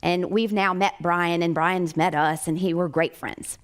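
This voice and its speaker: An American woman, a chiropractic doctor, telling a personal story in a lively way with frequent laughter. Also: on the low side, a little slow, clean tone.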